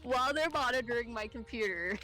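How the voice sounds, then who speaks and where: A woman's voice: on the high side, lively intonation, fairly quick, sharp tone, poor audio. A young woman in casual chat, ranting and swearing as she tells stories about her job. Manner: profane ranting storyteller, swears often. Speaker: streamer co-host.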